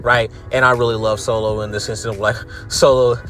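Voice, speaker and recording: A man's voice: mid-range voice, flat delivery, fairly quick, a bit bright, soft background music. A man giving a casual ranting recap of a show, sarcastic and profane, repeating words as he gets worked up. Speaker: wrestling commentary YouTuber.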